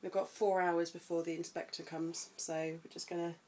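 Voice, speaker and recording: A woman chatting casually in a home vlog, sometimes breaking into high baby talk. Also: flat delivery, normal speed, darkish tone, slight background noise, rough recording. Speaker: vlogger.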